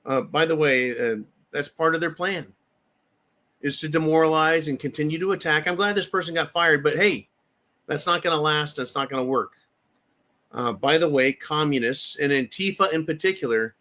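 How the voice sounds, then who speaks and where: A man's voice: fairly high pitch, fairly bright tone. A man hosting heated political commentary, ranting angrily with profanity and repeating phrases for emphasis. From United States.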